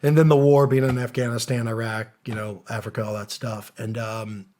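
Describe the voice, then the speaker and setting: A man's voice: medium pitch, little pitch movement, brisk, a little mellow. Earnest man telling his story. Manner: earnest, acts out quoted dialogue, casual slang. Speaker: podcast guest, former special operations soldier. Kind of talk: casual storytelling interview.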